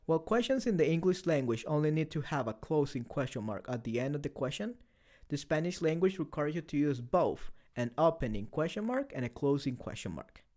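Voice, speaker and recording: Lively-voiced male language teacher. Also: on the high side, brisk. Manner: clear, explanatory, didactic. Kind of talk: scripted lesson narration.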